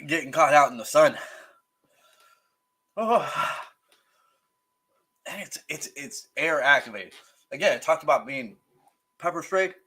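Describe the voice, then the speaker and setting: On his casual livestream, a man works through hot sauces with a burning mouth and watery eyes, gasping, sighing and groaning as he talks slowly. His fairly high voice is bright and husky, with a forceful tone.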